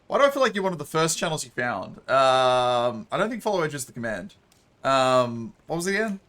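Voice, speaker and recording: A man's voice: medium pitch, sing-song, a little fast, fairly bright tone. A man chatting casually on a live stream, laughing often and swearing casually, into a desk microphone.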